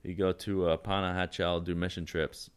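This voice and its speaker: A young man, a podcast guest telling rambling, animated stories and laughing often. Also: low voice, moderate pace, clean tone. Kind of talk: casual storytelling chat.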